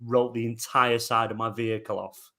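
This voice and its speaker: Male panelist, middle voice, animated yarn-spinner who acts out every quote. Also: medium pitch, moderate pace. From England. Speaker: podcast panelist. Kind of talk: casual chat.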